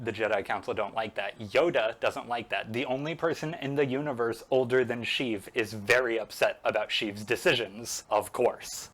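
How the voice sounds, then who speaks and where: A man's voice: medium pitch, fairly even intonation, normal speed, few pauses, a bit bright. A man casually recapping a movie while he paints, joking and rambling as he goes. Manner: joking, rambling, self-interrupting. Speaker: painting vlogger.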